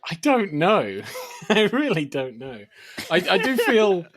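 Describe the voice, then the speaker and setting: A young man co-hosting a film podcast in casual chat, rambling and laughing, often trailing off into a low mutter. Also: huge pitch swings, takes it slowly, fairly bright tone, no room sound. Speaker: podcast co-host.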